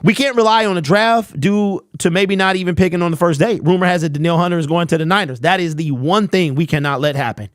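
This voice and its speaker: A man's voice: sits high, fast talker, few pauses, no echo, clean studio sound. A young man hosting a live sports talk stream, ranting bluntly, reading chat messages aloud and firing off rhetorical questions. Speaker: host.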